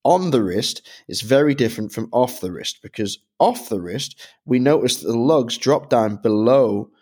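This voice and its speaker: A man's voice: medium pitch, expressive, moderate pace, a little mellow. A man from Britain co-hosting a podcast, explaining a product review in methodical detail. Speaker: podcast co-host.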